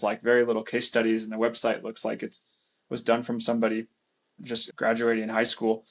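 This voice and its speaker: A man host in a casual podcast chat, thinking aloud with restarts and qualifiers, on slightly dull lo-fi audio. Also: medium pitch.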